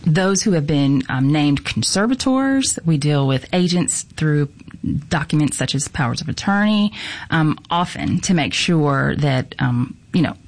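A compliance counsel guesting on a call-in radio show, explaining procedures in a measured way. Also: mid-range voice, animated.

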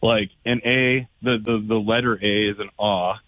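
A man's voice: on the low side, steady tone, measured pace, no echo. A man calling in to a radio show, blunt and opinionated, lecturing with a lot of ums. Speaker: caller. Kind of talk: call-in conversation. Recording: phone line.

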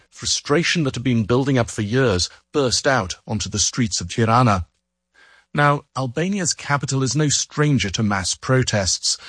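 A male foreign correspondent reads his report in a measured way. His voice sits low and husky, recorded close and dry with no room sound. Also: no echo. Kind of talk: scripted radio report.

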